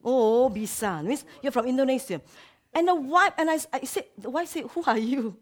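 A woman pastor preaching a sermon. She drops to hushed whispers, then rises to loud exclamations. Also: high-pitched, expressive, moderate pace.

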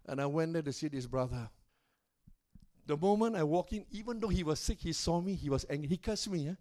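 A man with a high voice preaches from the pulpit at a church service. He tells his story dramatically, swelling and dropping his volume and slowing down for weight. He keeps calling out to the congregation for an answer. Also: expressive. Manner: dramatic storytelling with rising and falling loudness and pace; calls out to the congregation for response. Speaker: pastor. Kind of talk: sermon storytelling.

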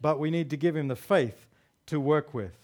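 A man preaching a sermon to his congregation. His voice sits a little higher than most men's. He drives his points home with repeated refrains and a string of rhetorical questions. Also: moderate pace, a little mellow. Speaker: pastor.

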